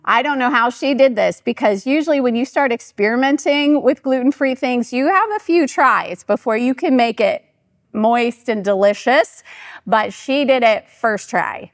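A woman's voice: on the high side, normal speed, dry recording, studio quality. A middle-aged woman, a pastor's wife, giving a chatty storytelling talk to her church and acting out what people said. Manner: chatty and animated, acting out quoted voices.

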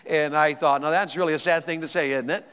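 A male evangelist telling a folksy, animated story in a sermon, rising to excited exclamations. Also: on the high side, fast talker, smooth. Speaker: evangelist preacher. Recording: long hall reverb.

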